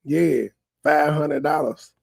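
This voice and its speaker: A man's voice: fairly high pitch, fairly even intonation, slow pace, gravelly, darkish tone, no echo. A man commenting sarcastically over someone else's stream, mocking the story. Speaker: livestream commentator.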